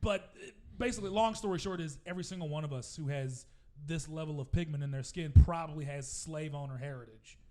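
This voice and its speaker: A man's voice: fairly high pitch, fast, warm tone. A man co-hosting a comedy podcast, talking casually, laughing often and explaining at length. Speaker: podcast co-host.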